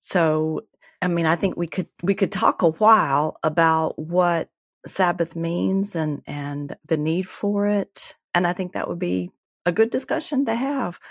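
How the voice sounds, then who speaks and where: A woman's voice: fairly low pitch, no room sound, studio quality. A woman co-hosting a podcast, speaking candidly and reflectively, with a self-deprecating manner. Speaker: podcast co-host. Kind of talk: casual conversation.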